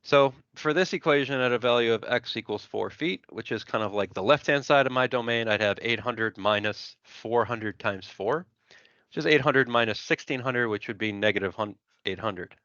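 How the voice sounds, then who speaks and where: A man's voice: mid-range voice, normal speed, fairly bright tone, dry recording, lo-fi sound. A man teaching engineering in a lecture, working step by step through an example and thinking aloud as he sketches. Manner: methodical, thinks aloud while sketching, frequent "right?" and "so". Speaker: engineering instructor.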